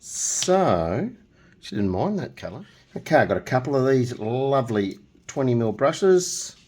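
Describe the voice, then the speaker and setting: A man's voice: mid-range voice, big pitch swings, a little slow, a little mellow. A middle-aged man hosting a casual painting tutorial, chatting and joking as he works and humming nonsense tunes. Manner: chatty, jokey, hums nonsense tunes while working.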